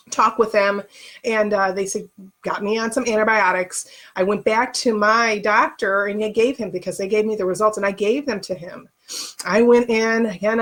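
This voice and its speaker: A middle-aged woman speaks at a medium pitch for her sex. She tells a personal story to the camera in a candid, conversational way. Her retelling is openly emotional and rambles a little. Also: fairly bright tone. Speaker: vlogger.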